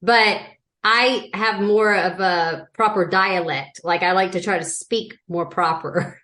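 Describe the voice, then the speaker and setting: A woman's voice: on the low side, slow, pushed and bright. A woman with a Southern US accent co-hosting a podcast, blunt and sweary, chatting casually. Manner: blunt, sweary, laughs often. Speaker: podcast co-host. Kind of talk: casual chat.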